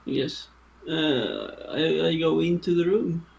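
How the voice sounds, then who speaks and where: A man's voice: on the high side, lively intonation, slow, gravelly, a little mellow, muffled recording. A young man playing his character in a tabletop game, talking casually and hesitantly. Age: young adult. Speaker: player.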